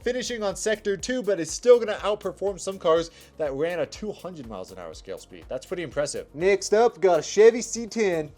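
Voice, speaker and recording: A young man hosting his channel, giving energetic play-by-play commentary on toy car races. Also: high-pitched, brisk, few pauses, faint music behind. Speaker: toy car race host. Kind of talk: race commentary vlog.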